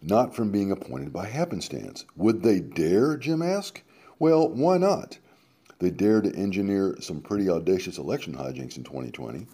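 A man's voice: sits low, sing-song, moderate pace, mellow, breathy edge. A man hosting a radio show, reading a column aloud and breaking in with sarcastic asides, dramatic and swinging from emphatic to muttered. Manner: interjects sarcastic asides between quoted passages. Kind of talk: reading aloud with running commentary.

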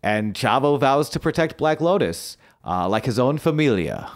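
Guy on a podcast running through a recap, middle pitch, lots of uh and restarts, excited. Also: moderate pace. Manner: eager storytelling recap with fillers and restarts. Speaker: podcast co-host. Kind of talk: casual recap chat.

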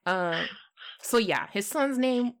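A woman podcast host in casual chat, telling stories in an animated way and laughing often. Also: a little high, takes it slowly.

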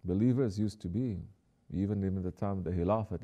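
Deep-voiced male preacher, soft to emphatic. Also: brisk, muffled recording. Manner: exhorting, swings from soft to emphatic. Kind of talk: sermon.

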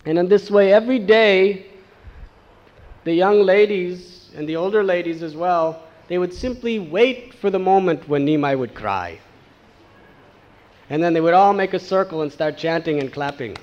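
A man giving a devotional storytelling sermon, animated and acting out the voices of the people in his tale. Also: sits high, normal speed, lo-fi sound. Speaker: spiritual teacher.

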